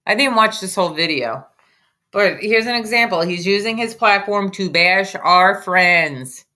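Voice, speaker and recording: A woman's voice: mid-range voice, animated, unhurried, sharp tone. A woman hosting reaction commentary over a clip, mocking and combative in tone. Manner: mocking, sarcastic, combative ranting. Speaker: commentary host.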